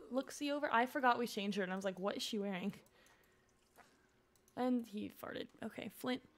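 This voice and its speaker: Young female streamer, chatty game commentary, high voice with vocal fry. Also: a bit bright. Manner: chatty, talks to game characters and chat, frequent laughs. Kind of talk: casual gameplay commentary.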